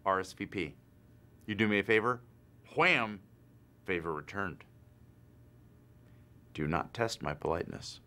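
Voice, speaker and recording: A man's voice: low-pitched, lively intonation, measured pace, long pauses, bright, forceful tone, exaggerated voice. A man acting a competitive, overly polite husband in a comedy sketch, with punchy, mock-stern delivery.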